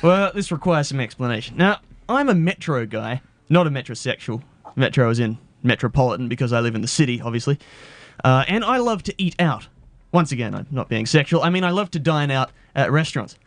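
A man's voice: mid-range voice, very animated, brisk, dry recording. An Australian man co-hosting a radio show, ranting in a playful, mock-indignant way. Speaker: radio co-host. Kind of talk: casual radio banter.

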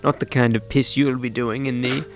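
Mock-earnest male radio host. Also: medium pitch. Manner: mock-earnest, rambling, deadpan. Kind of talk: comedy radio banter.

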